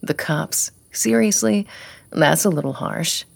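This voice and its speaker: A woman reading an audiobook, voicing a smug, pushy man who keeps justifying himself in a glib, quiet way. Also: sits low, slow, vocal fry, no echo, full character voice. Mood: mocking. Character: male ex-boyfriend, smug, pushy, self-justifying.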